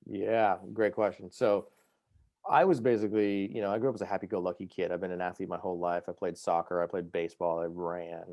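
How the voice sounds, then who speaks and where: Podcast guest: a very low-pitched, dark-toned man recounting his story at a brisk clip in a dry, close sound. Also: dry recording. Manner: fast, lively, full of fillers like "you know" and "like". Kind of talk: animated personal storytelling.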